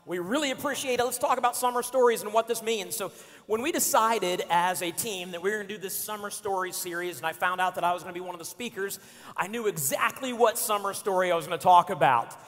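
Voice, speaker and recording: Animated high-voiced man preaching. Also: fast. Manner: animated, playful, acts out friends' lines with shouts and laughs. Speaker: pastor. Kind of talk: storytelling sermon. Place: church auditorium. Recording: church hall reverb.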